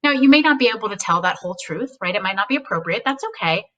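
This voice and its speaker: A woman speaking as a guest, giving casual, animated advice on speechwriting and mimicking voices now and then. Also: medium pitch, fast, far from the mic, dull audio. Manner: animated, acts out quoted voices, speaks frankly.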